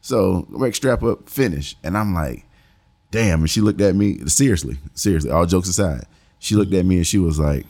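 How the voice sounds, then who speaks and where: A man's voice: sits low, lively intonation, normal speed, creaky, darkish tone. A young man casually telling a story on a podcast, slangy and laid-back, laughing as he goes.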